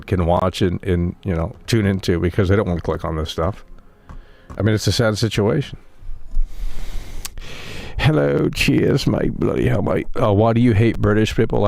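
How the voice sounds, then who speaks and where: A man's voice: sits low, a little mellow, no echo. A man streaming live, ranting bluntly at his chat with plenty of swearing. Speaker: game streamer.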